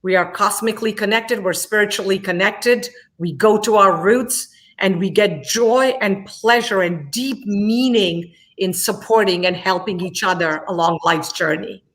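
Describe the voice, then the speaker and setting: A woman's voice: medium pitch, measured pace, hardly any pauses, fairly bright tone. Passionate woman speaking emphatically. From India. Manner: passionate, emphatic, repeats key words for stress. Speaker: guest, immigration attorney.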